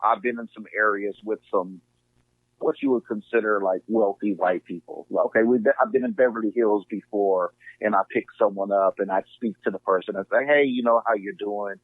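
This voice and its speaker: A man's voice: on the low side, fairly even intonation, fairly quick, dry recording. Earnest man on a tinny line. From Inglewood, California. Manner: earnest, heartfelt, filler-heavy. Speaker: podcast guest. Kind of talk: casual conversation. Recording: tinny phone-like line, dry.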